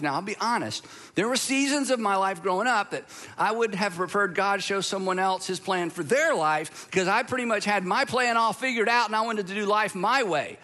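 High, bright-voiced man preaching. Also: moderate pace. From southern United States. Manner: earnest, conversational storytelling with restarts. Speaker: pastor. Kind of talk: sermon.

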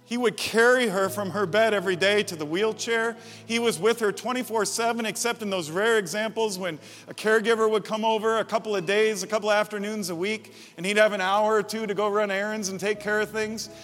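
A man preaching a sermon as pastor, moving from quiet, reflective passages to loud, emphatic repetition. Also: sits high, steady tone, fairly quick, few pauses, long reverb tail, soft background music.

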